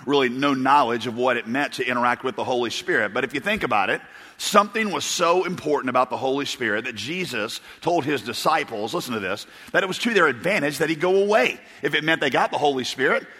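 A man's voice: medium pitch, lively intonation, quick pace, bright, forceful tone, slightly rough. A male pastor preaching a sermon, telling funny stories in a rambling, chuckling way. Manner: rambling storyteller, chuckles and restarts. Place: church auditorium. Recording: long reverb of a large hall.

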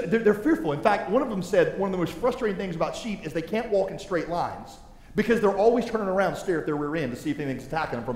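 A man's voice: high voice, slight background noise. A man in his thirties preaching a sermon, telling funny stories and acting out voices. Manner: animated, humorous storytelling with acted-out voices. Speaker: pastor. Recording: echoey hall with long reverb.

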